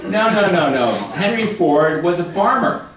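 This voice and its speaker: An older man giving a guest lecture to high school students, chatty and joking as he quizzes the room. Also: lively intonation, unhurried, crowd noise. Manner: chatty, jokey, quizzes the audience. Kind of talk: classroom lecture with questions to students. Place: high school hall or classroom. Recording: echoey room, mic at a distance.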